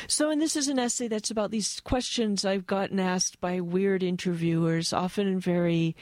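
An American woman reading aloud from her own essay and talking about it, thoughtful and wry, with a flat voice and frequent asides. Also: medium pitch, normal speed, few pauses, dry recording. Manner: thoughtful, wry, given to digressions. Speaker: author.

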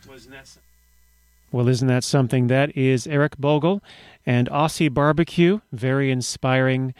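A man's voice: mid-range voice, fairly even intonation, normal speed, darkish tone, smooth, dry recording. A man hosting a radio show, talking in a wry, rambling way with dry humor. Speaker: radio host. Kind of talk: casual radio chat.

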